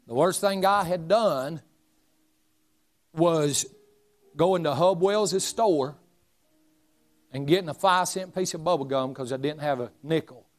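A man, preaching a sermon as a folksy, humorous storyteller. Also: fairly high pitch. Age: 40s.

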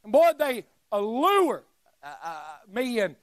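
A man preaching a sermon in a church, shouting emphatic lines and dropping into joking asides. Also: very high voice, very animated, slow pace, dry recording. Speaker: pastor. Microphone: live stream mic.

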